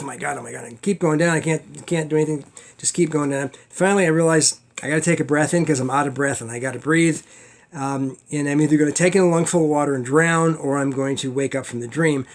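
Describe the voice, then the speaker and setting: Man telling a dream story in class. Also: on the high side. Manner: animated, acts out his own panicked thoughts. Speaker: teacher. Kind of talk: casual storytelling lecture.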